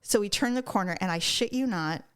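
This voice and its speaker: A woman's voice: mid-range voice, fairly quick, clean tone. Foul-mouthed woman podcast storyteller. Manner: animated, profane storytelling. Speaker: podcast co-host. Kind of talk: casual storytelling chat.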